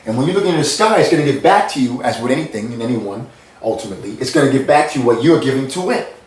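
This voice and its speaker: A man of middle pitch, from the United States, talking in a meandering, earnest spiritual monologue. He repeats himself and circles back. The sound is roomy and picked up from some distance. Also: lively intonation, racing. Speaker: spiritual channel host.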